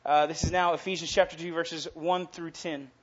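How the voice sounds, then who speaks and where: A young man preaches as a college pastor, talking with eager, chatty energy and reading scripture aloud. His voice sits a bit high for a man. The church recording sounds dull and lo-fi. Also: flat delivery, normal speed. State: out of breath. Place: church sanctuary.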